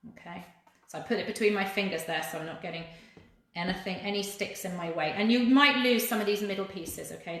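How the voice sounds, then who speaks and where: A woman's voice: mid-range voice, a bit bright. Woman, cooking teacher for kids, chatty and encouraging, very echoey kitchen. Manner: chatty, encouraging, talks to viewers while working. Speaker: cooking instructor for children. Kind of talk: live-streamed cooking demonstration.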